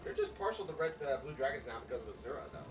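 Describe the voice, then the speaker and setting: A man's voice: medium pitch, animated, very fast, far from the mic, slight background noise. A man chatting casually with his partner during her art stream, easygoing and teasing. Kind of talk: casual chat.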